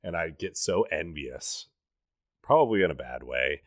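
A man's voice: rumbling low, lively intonation, normal speed, dry recording, clean studio sound. A man in his thirties co-hosting a podcast, talking in a thoughtful, hesitant way and often checking in with "right?". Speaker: podcast co-host. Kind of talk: casual chat.

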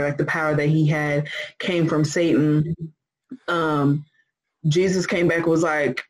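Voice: medium pitch, rough recording. A co-host casually talking over scripture, reasoning aloud with fillers and questions. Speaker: podcast co-host discussing scripture. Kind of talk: casual Bible discussion chat.

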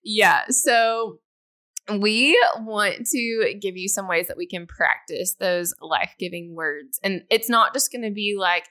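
A woman's voice: mid-range voice, a little slow, bright, forceful tone. A young adult woman co-hosting a podcast, speaking earnestly and casually with lots of filler words. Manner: earnest, rambling, heavy use of "like". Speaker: podcast co-host. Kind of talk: casual chat.

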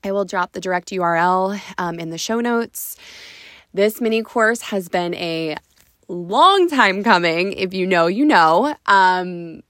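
A woman's voice: fairly low pitch, expressive, a little slow, a bit bright, dry recording, studio quality. A young woman hosting her own podcast, talking in an emotional, gushing and casual way, with some swearing. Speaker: podcast host.

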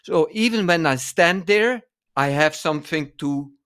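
A man co-hosting a dance podcast in casual conversation, often pausing to search for words mid-sentence. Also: a little high, lively intonation, a bit bright, clear, resonant tone.

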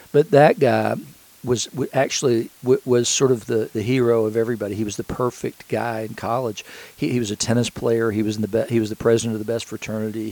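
A middle-aged man giving a sermon, retelling a scripture story in a conversational way with halting restarts. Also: on the low side, creaky, a little mellow, low-quality recording.

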